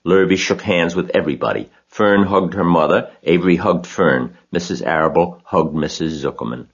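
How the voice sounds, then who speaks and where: Deep-voiced male storybook narrator. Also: normal speed, husky, highs cut off. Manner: steady, expressive reading.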